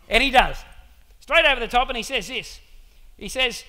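A male pastor preaching to his church in a conversational, animated way, full of rhetorical questions. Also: very high voice, a little fast. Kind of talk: sermon.

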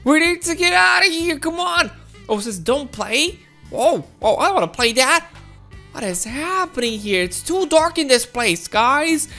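A woman with a very high, piping voice gives excitable kids' let's-play commentary, shouting often and talking straight to her viewers. Faint game music plays softly behind her. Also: moderate pace. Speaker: gameplay commentator.

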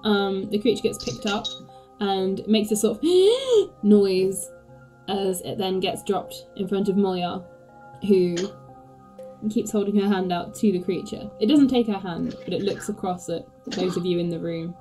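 A woman's voice: medium pitch, steady tone, moderate pace, dark tone, soft background music, low-quality recording. A woman game master narrating a tabletop game, describing scenes hesitantly with many fillers.

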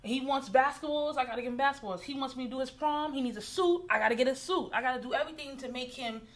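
A woman, a business owner speaking in a casual, heartfelt interview chat in long run-on phrases. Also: high-pitched. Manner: heartfelt, talks fast in loose run-on phrases.

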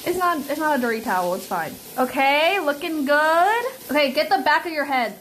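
A woman's voice: high voice, expressive, normal speed, fairly bright tone, a little hiss or hum, low-quality recording. A woman streaming live, chatting and giggling while giving step-by-step directions. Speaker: streamer host. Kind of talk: casual live-stream chat.

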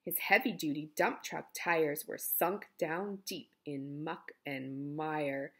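A woman reading a picture book aloud to young children, animated, with playful animal sounds and friendly asides to her listeners. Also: low voice, slow pace, a little hiss or hum. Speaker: children's story reader.

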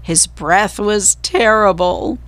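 A woman storyteller reading a children's book aloud, slow, clear and deliberate. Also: mid-range voice, a bit bright, no room sound.

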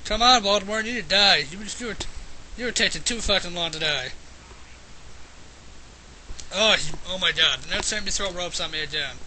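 A man commentating his own gameplay, swearing and taunting a boss character, breaking into yelled bursts. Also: high voice, fairly quick, pauses often, a little hiss or hum. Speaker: let's play gamer.

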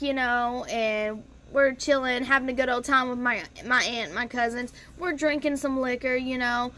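Young woman, high voice, casual storytime vlog, chatty, swears, talks to viewers. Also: a bit bright, slight background noise. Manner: chatty, profane, addresses viewers as guys. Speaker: storytime vlogger.

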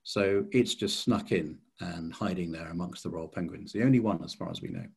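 A man's voice: deep voice, moderate pace, creaky, darkish tone, breathy edge. A man giving an illustrated slide talk as a society chairman, hesitant with many fillers and restarts.

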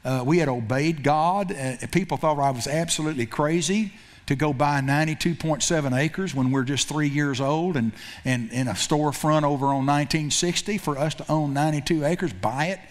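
A man's voice: fairly high pitch, moderate pace. A man preaching a sermon as pastor, telling a story with frequent repetitions and self-corrections.

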